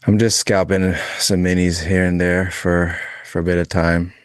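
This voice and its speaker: A man's voice: deep voice, moderate pace, clear, resonant tone, dry recording, studio quality. A man trading futures on a live show, chatting casually and laughing often. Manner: relaxed, rambling, laughs often. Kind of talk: casual live-stream chat while trading.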